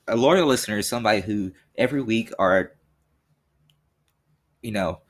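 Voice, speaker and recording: A young man from Tennessee talks through his solo podcast with a fairly low voice. He rambles earnestly, circling back with ums and restarts as he explains things. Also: normal speed. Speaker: podcast host.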